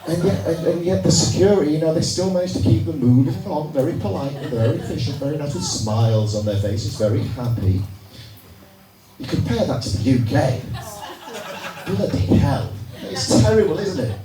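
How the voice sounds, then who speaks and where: A man's voice: fairly high pitch, animated, a little fast. A man with a Yorkshire accent doing a stand-up comedy set, chatting with the crowd and tossing out sardonic asides. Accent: Northern English, Yorkshire. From England. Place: comedy club stage. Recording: echoey room, recorded from far off, noisy. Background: audience laughter.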